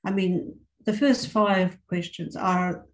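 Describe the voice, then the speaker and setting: A woman's voice: fairly low pitch, steady tone, slow, rough recording. A woman giving an informal teacher-training lecture, thinking aloud with frequent restarts. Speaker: guest lecturer.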